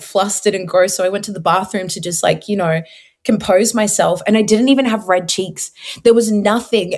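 Earnest young woman, chatty. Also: mid-range voice. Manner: earnest, heavy use of filler words, laughs between lines. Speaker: interviewee sharing a faith testimony. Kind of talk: casual personal storytelling.

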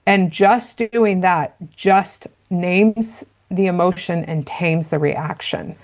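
A woman's voice: lowish voice, slow, a little mellow. A woman, a guest sharing parenting stories in casual, earnest chat. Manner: earnest, storytelling, acts out quotes.

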